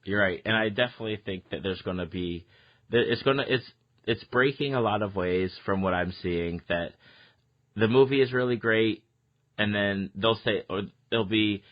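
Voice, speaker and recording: A man hosting a podcast, chatting casually about a film in an easygoing way with "uh" pauses. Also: on the low side, lo-fi sound. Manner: conversational, agreeable, with "uh" pauses. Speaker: podcast host. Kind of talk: casual movie review chat.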